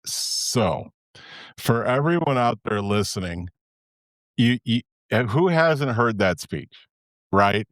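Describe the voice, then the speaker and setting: A man's voice: mid-range voice, animated, slow pace, fairly bright tone, no echo, clean studio sound. A man in his fifties hosting a podcast, talking candidly in a rambling way and often breaking off mid-sentence. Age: 50s. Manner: candid, rambling, self-interrupting. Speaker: podcast host. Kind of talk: casual podcast chat.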